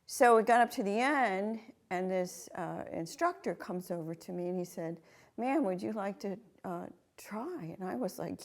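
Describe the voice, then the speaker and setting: A woman's voice: medium pitch, lively intonation, moderate pace. A woman, a Navy veteran, telling a story in an interview and acting out her own reactions.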